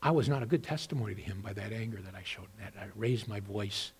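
A man preaching a sermon as a pastor, moving between loud, emphatic exhortation and quieter personal storytelling with repeated words. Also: lowish voice, fast, husky. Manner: repeats and restarts words when telling a story.

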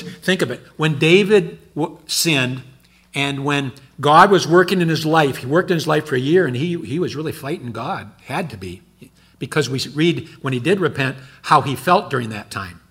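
Older male preacher, husky voice, shifts from loud emphatic delivery to quiet low asides. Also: animated, unhurried. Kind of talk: sermon.

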